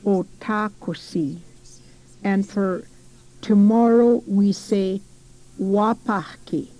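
A woman's voice: mid-range voice, drawn-out words, mellow, low-quality recording. A woman teaching a recorded language lesson, saying each word carefully and repeating it.

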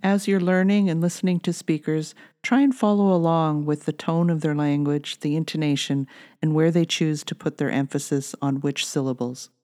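A woman with a notably low voice reads out a language lesson. She guides the learner step by step in a calm, clear teaching manner. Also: normal speed. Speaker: language course narrator. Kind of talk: scripted instructional narration.

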